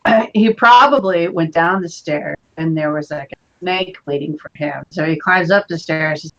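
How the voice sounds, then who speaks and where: A woman's voice: low-pitched, normal speed, few pauses, fairly bright tone. A woman in casual chat, blunt and joking, putting on little voices. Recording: dull, lo-fi sound.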